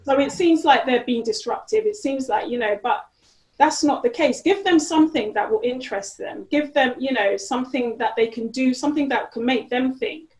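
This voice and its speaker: A woman's voice: high-pitched, moderate pace, a little mellow. A woman, a guest in an interview, talking casually with lots of fillers and restarts. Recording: roomy echo.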